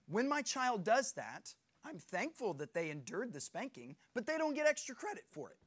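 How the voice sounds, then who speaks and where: A man's voice: high-pitched, big pitch swings, moderate pace, hardly any pauses, fairly bright tone. A middle-aged man preaching a sermon as pastor, earnest and emphatic, pressing his points harder as he goes.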